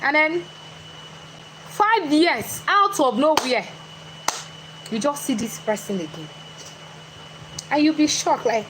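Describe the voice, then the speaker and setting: Woman speaker, animated, high voice, noisy room recording, engages the crowd. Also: takes it slowly, long pauses. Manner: animated, chatty, questions the audience directly. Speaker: motivational speaker. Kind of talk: motivational talk to a live audience.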